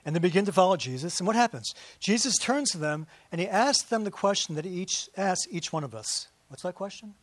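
A man's voice: high voice, lively intonation, fairly quick, no room sound. A man preaching to his congregation as pastor, in a chatty sermon full of rhetorical questions and asides to the listeners. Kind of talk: conversational sermon.

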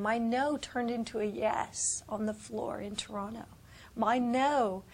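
A woman's voice: fairly high pitch, slightly rough. Fervent woman missionary telling her testimony. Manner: swings from loud bursts to hushed whispers. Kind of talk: emotional personal testimony.

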